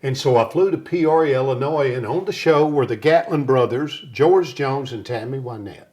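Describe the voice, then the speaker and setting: A man who is a singer appears as a guest on a talk show, telling stories in a relaxed, lively way during the casual interview. His ordinary middle-pitched voice moves at normal speed, the highs are cut off, and he slips into the voices of the people in his stories, acting out their lines.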